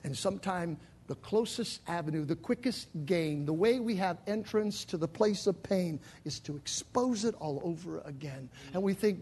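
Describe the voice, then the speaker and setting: A male pastor delivering a dramatic sermon in a church, swinging from shouted lines to near whispers. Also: high voice, lively intonation, moderate pace, hardly any pauses, slightly rough. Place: church sanctuary.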